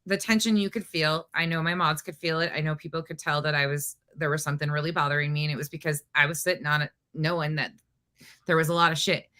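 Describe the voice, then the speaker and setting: A woman hosts a casual livestream from home, her voice bright and forward, set a little lower than most. She rambles in an exasperated way, trips over herself and keeps restarting her sentences. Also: steady tone, quick pace. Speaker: livestream host.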